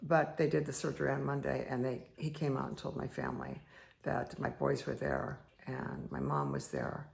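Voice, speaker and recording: Gravelly-voiced woman telling a story. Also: extremely low pitch, expressive, normal speed, a little mellow. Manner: rambling, many fillers and asides. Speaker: meditation host. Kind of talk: casual personal storytelling.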